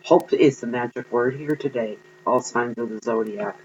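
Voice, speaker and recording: A man giving an earnest, encouraging tarot reading to viewers, pausing often with ums. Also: mid-range voice, a little mellow, muffled recording, slight background noise. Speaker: tarot card reader.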